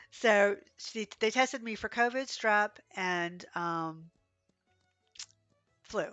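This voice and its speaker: A hoarse woman with a cough chats her way through a gameplay stream, rambling from one story to the next. Her voice is bright and a little sharp even through the sickness, and the sound is close and dry, with no room around it. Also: mid-range voice, drawn-out words, long pauses, no room sound, faint music behind. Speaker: game streamer. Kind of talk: casual livestream chat while playing.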